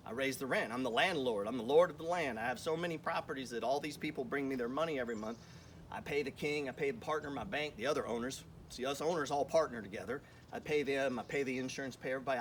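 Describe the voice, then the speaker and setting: A man's voice: medium pitch, quick pace, a bit bright, slight background noise. A man hosting a finance channel, giving a blunt, profane, confrontational motivational rant full of rhetorical questions.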